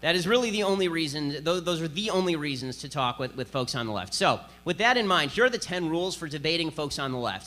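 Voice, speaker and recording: A man's voice: a little high, animated, fast talker, bright, forceful tone. A man giving a combative political speech to an audience, sarcastic and emphatic. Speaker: conservative speaker.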